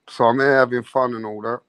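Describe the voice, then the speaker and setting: A man's voice: mid-range voice, fairly even intonation, a little fast, fairly bright tone, clear, resonant tone, no echo. A man hosting a late-night podcast, telling a crude, swaggering story with laughter. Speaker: host.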